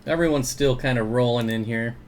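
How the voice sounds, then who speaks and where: A man at a middle pitch hosts a relaxed aquarium livestream from home. He greets viewers by name and reads their comments aloud, chuckling often. A faint hum sits in the background. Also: brisk. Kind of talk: casual livestream chat, reading viewer comments.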